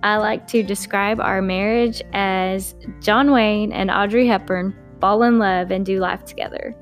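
A woman reads her own story, friendly and unpolished, not a trained narrator. Her voice sits in a middle range, and soft music plays faintly behind her. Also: mid-range voice, steady tone, measured pace. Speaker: author and narrator.

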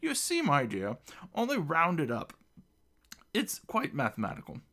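A man's voice: mid-range voice, sing-song, moderate pace, a bit bright. A man voicing an ancient, small male gnome ambassador who is playful and grandly formal. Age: older. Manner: mischievous, theatrical, grandly formal.

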